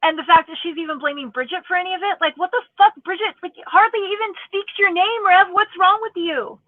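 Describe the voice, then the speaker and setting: A woman's voice: extremely high pitch, fairly quick, no room sound. A woman in her forties ranting angrily in casual, profane, sarcastic commentary as a YouTube commentator. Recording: tinny phone-like audio, dry.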